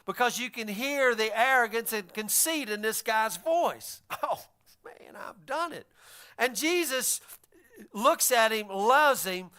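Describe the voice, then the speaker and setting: A man's voice: very high-pitched, sharp tone, clean tone. A man preaching a sermon, retelling a story and acting out the voices of its figures. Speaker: pastor.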